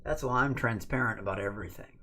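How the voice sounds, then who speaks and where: A man's voice: medium pitch, quick pace, bright, forceful tone. Streamer host, male, mid-range voice; loose, profane, rambling late-night chat. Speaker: livestream host.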